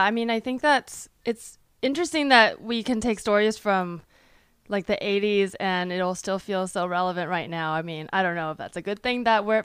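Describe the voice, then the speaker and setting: A woman hosting a podcast in casual chat, rambling and upbeat, a bit hoarse as she loses her voice. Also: medium pitch, no echo. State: losing her voice. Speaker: podcast host. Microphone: studio microphone at a desk.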